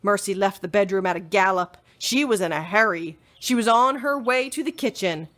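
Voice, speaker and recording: In a mid-range voice at normal speed, a woman who works as a librarian brings a children's chapter book to life, reading it aloud with expressive storytelling.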